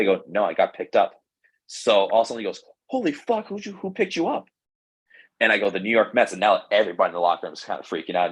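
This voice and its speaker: A young man, a pro baseball pitcher, telling his story in a casual interview, rambling with lots of fillers and quoted dialogue. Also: breathy edge, poor audio. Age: young adult.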